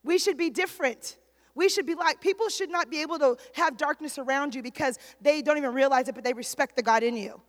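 A woman pastor preaching a sermon in a church, building to shouted, repeated declarations. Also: high voice, fast talker. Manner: preaching with rising shouts and repetition. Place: church sanctuary. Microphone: handheld microphone. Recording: long hall reverb.

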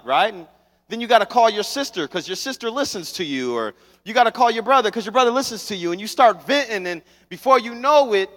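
A young man preaching a sermon as pastor, telling stories with lively, acted-out scenes. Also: extremely high pitch. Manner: animated storytelling, acts out scenes. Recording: long hall reverb.

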